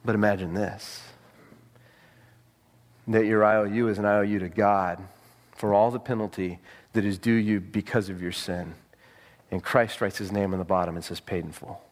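A man preaching a sermon, swinging between high, ringing emphasis and hushed, low tones. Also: steady tone, moderate pace, long pauses. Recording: long hall reverb.

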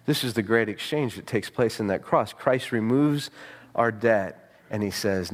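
A man preaching a sermon, swinging between high, ringing emphasis and hushed, low tones. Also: normal speed. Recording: long hall reverb.

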